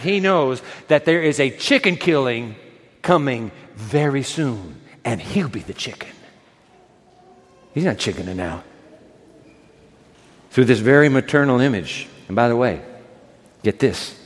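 A man preaching a sermon as pastor, telling stories dramatically and dropping to soft, emphatic asides. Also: medium pitch, big-room sound.

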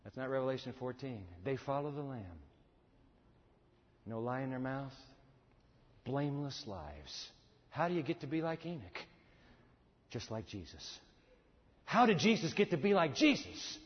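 Male preacher swinging from loud to hushed. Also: mid-range voice, very animated, unhurried, pauses often. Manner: dramatic swings between loud exhortation and hushed intensity. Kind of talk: sermon. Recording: echoey hall, dull lo-fi sound.

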